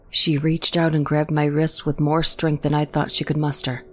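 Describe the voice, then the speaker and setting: A woman reading a first-person horror story in a steady, measured way. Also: sits low. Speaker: story narrator.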